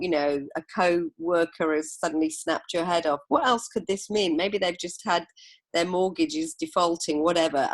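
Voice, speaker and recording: Middle-aged woman from England, author guest, lowish dry voice, anecdotal. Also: no room sound. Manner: reflective, anecdotal storytelling. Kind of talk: podcast interview.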